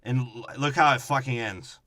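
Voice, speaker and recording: A man tears through a movie recap with a friend, swearing constantly and mocking the characters. His voice sits at an ordinary middle pitch. The sound is dry and close. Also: steady tone, normal speed, bright, forceful tone, no echo. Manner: crude, profane, mocking impressions of characters. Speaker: podcast co-host. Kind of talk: casual comedic movie recap.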